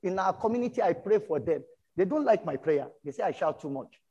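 A middle-aged man from Nigeria with a Nigerian English accent, preaching a sermon and telling stories from his own life, animated and breaking into shouts. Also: high-pitched, a little fast, husky, highs cut off. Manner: animated storytelling, bursts into shouts. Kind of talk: sermon with personal testimony.

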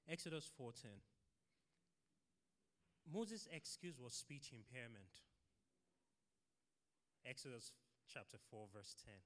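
A middle-aged man preaching a sermon in a conversational way, acting out people's excuses and often repeating words as he goes. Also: mid-range voice. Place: church hall. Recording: long hall reverb.

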